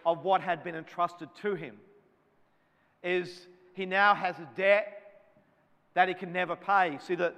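A man's voice: high-pitched, a bit bright, long reverb tail, dull audio. A man preaching a sermon as a pastor, fervent and driving, built around repeated refrains.

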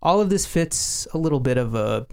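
A man's voice: medium pitch, lively intonation, normal speed, creaky, clean tone. A man co-hosting a radio music show, chatting casually in a joking, self-mocking way.

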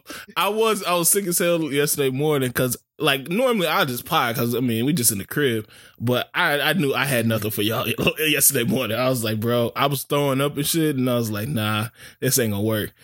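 A man co-hosting a podcast, telling stories in relaxed slang-heavy casual chat. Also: medium pitch, brisk, no room sound, studio quality. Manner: laid-back slang-heavy storytelling. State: recovering from being sick. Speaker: podcast co-host.

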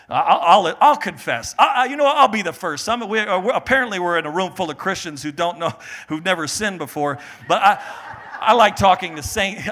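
A male pastor preaching a sermon, animated, acting out little quotes and joking with the congregation. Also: high voice.

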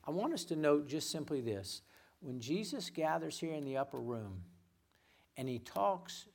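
Guest preacher, man, slightly high voice, earnest sermon delivery with hushed repeated names. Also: big pitch swings, normal speed, creaky. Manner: earnest, repeats words, drops to a hush on quoted names.

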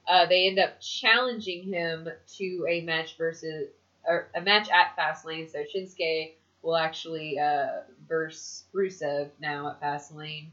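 A woman co-hosting a casual wrestling recap, animated and swearing freely, acting out the wrestlers' lines. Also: low-pitched, unhurried. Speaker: podcast co-host. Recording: dull lo-fi recording.

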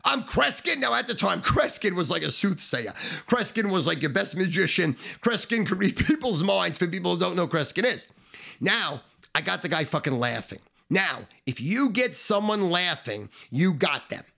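Gravelly, swaggering middle-aged man. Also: high voice, animated, moderate pace, sharp tone. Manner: emphatic, swaggering, builds through repeated phrases. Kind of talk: profane boastful monologue.

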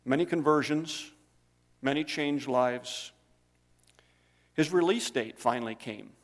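A pastor delivers a sermon to his congregation, telling stories slowly in a plain, conversational manner. His voice is an ordinary middle pitch and echoes with the long reverb of a church hall.

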